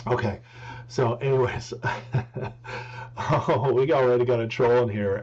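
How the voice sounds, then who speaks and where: A man's voice: medium pitch, fairly even intonation, moderate pace. Rambling, joking male live-stream host. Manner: joking, rambling, trying to speak softly. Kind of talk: casual live-stream talk. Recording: dull lo-fi with faint hum.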